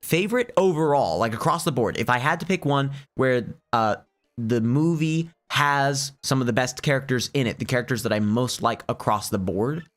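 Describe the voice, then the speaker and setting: A man's voice: mid-range voice, moderate pace, soft background music. A young man giving casual gameplay commentary, rambling and hesitant, often restarting his sentences. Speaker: let's play host.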